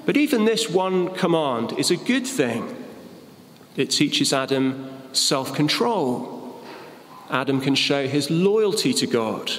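A man with a slightly high voice speaks slowly, with big pitch swings, as he reads and explains Bible verses in a sermon. He works in fillers and a joke, and the hall around him is echoey with long reverb.

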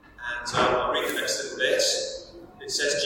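A man preaching a sermon in a warm, conversational way, mixing Bible reading with personal stories. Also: mid-range voice, monotone, moderate pace. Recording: echoey hall, distant mic, faint noise.

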